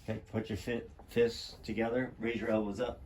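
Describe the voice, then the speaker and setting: Male chiropractor, low voice, encouraging, brisk repeated instructions during treatment. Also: flat delivery, a little mellow, a little hiss or hum. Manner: encouraging, gives short repeated commands. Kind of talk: coaching a patient through treatment. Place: treatment room indoors.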